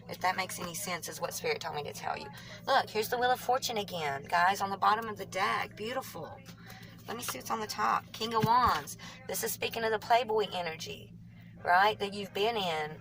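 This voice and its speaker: A woman with a Southern US country twang, reading tarot cards for viewers in a fast, rambling way, often correcting herself mid-sentence. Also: medium pitch, vocal fry, background noise. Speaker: tarot reader.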